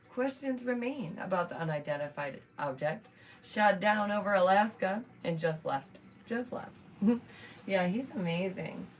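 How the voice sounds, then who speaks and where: A woman's voice: lowish voice, a little hiss or hum. A woman hosting a casual live stream from home, chatting to her viewers as "y'all" with lots of asides and small laughs. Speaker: streamer and channel host.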